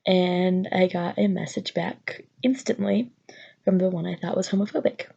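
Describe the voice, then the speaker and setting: In a home vlog with a dull, lo-fi sound, a young woman tells her story nervously, rambling and circling back with lots of fillers. Her lowish, warm voice moves at a moderate pace and drops into gravelly fry at the ends of phrases.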